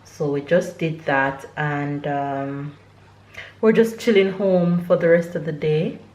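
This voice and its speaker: A woman's voice: low-pitched, fairly even intonation, takes it slowly, darkish tone. Chatty young woman vlogging at home. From Jamaica. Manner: chatty, laughs often, coos at her baby. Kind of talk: casual family vlog. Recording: roomy echo, faint background noise.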